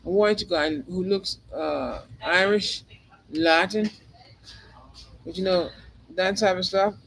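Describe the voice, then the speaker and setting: A man's voice: sits high, takes it slowly, a bit bright, low-quality recording. A man giving a spiritual tarot reading monologue, rambling and emphatic, repeating phrases again and again. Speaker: tarot reader.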